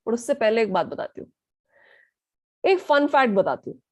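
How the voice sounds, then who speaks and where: A young woman with an Indian accent teaching an online lesson in a lively way, mixing in Hindi and asking her listeners questions. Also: a little high, racing, dry recording. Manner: lively, switches between English and Hindi, asks the audience questions. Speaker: communication skills teacher.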